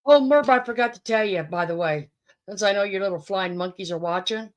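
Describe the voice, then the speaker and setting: A chatty woman in a relaxed conversation, tossing in quick asides as she goes. Her voice sits at an ordinary middle pitch. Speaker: channel co-host. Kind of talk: casual chat.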